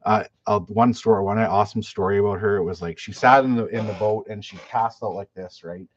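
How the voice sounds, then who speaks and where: Here a man with a fairly low pitch talks fairly quickly while hosting a live chat as a fishing guide and YouTuber. He rambles through anecdotes full of restarts and "like," answering questions from viewers. Audio quality is dull, dry and lo-fi.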